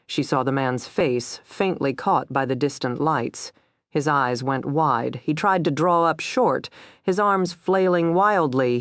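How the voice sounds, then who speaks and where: A woman narrating a crime thriller audiobook in a measured, even storytelling manner. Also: sits low, no echo, studio quality.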